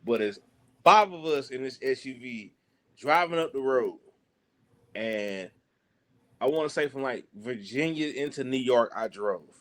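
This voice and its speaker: A man with a Southern US accent, a wrestler guest telling a road-trip story in an animated way and acting out other people's lines. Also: mid-range voice, a little slow, pauses often. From Southern United States. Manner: lively, acts out other people's lines, heavy slang.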